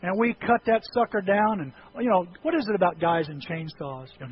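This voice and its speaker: A middle-aged male pastor preaching a sermon in a church, telling lively stories with self-deprecating humor. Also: high voice, a little fast, lo-fi sound. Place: church sanctuary.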